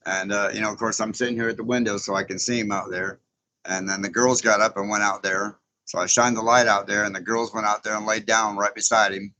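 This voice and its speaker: Bright-voiced folksy man. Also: on the low side, flat delivery, a little fast, rough recording. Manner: folksy and chatty, chuckling often, reading out viewer names. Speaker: YouTuber hosting a live stream. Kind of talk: casual live-stream chat.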